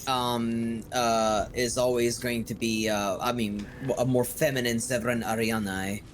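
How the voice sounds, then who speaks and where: A man's voice: mid-range voice, little pitch movement, unhurried, slight background noise. A man co-hosting a gaming podcast, chatting casually with a few in-character lines and hesitant fillers. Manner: hesitant, many fillers, slightly formal when in character. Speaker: podcast co-host playing a video game.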